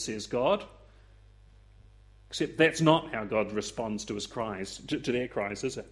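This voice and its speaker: A man preaching a sermon, acting out the voices he quotes with lively swings. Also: measured pace. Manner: expressive, acts out quoted voices with rising pitch.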